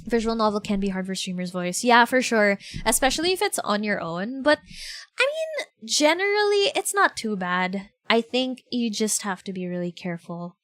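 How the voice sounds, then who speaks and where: A woman, chatting casually and bubbly as a streamer, full of fillers and sudden excited shouts. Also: mid-range voice, moderate pace, no room sound. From Philippines. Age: 20s. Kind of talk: casual livestream chat. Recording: background music playing.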